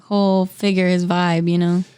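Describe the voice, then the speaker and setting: A woman's voice: lowish voice, little pitch movement, moderate pace, mellow, smooth. Young female co-host, blunt, teasing, casual chat. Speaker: podcast co-host.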